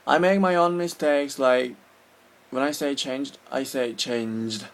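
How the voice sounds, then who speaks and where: A Korean man with a Korean accent talks through his opinions in an unhurried, deliberate way. He sounds earnest and sure of his views, pausing and restarting as he hunts for the right words. His voice sits at an ordinary middle pitch for a man. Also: gravelly. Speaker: vlogger. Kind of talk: casual opinion monologue.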